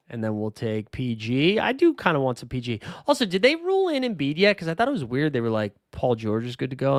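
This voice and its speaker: A man's voice: mid-range voice, creaky, no echo, studio quality. A man hosting a fantasy sports livestream in a casual, rambling way, thinking aloud as he answers chat comments. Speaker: livestream host.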